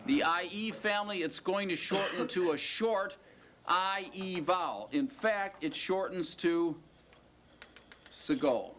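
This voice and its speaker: A man's voice: sits high, a bit bright, a little hiss or hum. A man teaching a class and lecturing, quizzing students and stretching out the key words. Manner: questioning, drawn-out stressed words. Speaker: Hebrew teacher.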